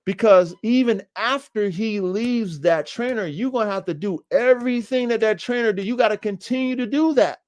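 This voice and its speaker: A man's voice: high-pitched, normal speed, few pauses, darkish tone. A man hosting a dog podcast, talking casually and animatedly in slang, calling listeners family and bro. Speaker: podcast host and dog trainer.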